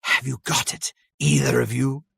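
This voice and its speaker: A man's voice: mid-range voice, little pitch movement, normal speed, fairly bright tone, no room sound, clean studio sound, pitched above the performer's own voice, exaggerated voice. A man reading aloud and voicing a sinister male orc who hisses out his threats. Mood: snarling. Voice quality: gravelly, hissing. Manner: silky threats that flare into snarling. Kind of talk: dramatic reading.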